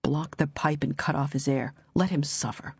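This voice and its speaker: A woman's voice: sits low, normal speed, slightly rough, no echo, heavily acted. Woman as a cold, alien inner voice. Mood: cold urging. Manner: cold, quiet, urging. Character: cold, alien voice urging murder.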